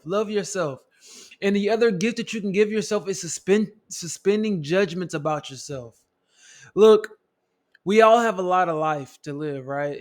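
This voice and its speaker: A man giving a motivational self-help talk to his viewers in a preachy, repetitive style, often calling them "family" and building to loud climaxes. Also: sits high. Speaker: motivational teacher.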